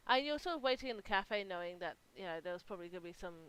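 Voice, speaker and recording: A woman game master describing a scene to her players. Her delivery is halting, full of small pauses and restarts. Her voice stays smooth and clear. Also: medium pitch, animated, fairly bright tone, poor audio. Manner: hesitant, lots of ums and restarts. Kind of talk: narrating a tabletop role-playing game.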